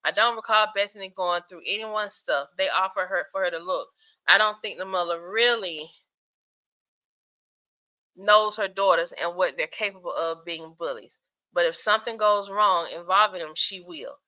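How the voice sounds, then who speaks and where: A woman hosting a casual livestream, reading viewer comments aloud, chatty and quick to laugh while sleepy and yawning. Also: lowish voice, pushed and bright, dull audio. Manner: chatty, laughs often, talks straight to viewers. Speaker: livestream host.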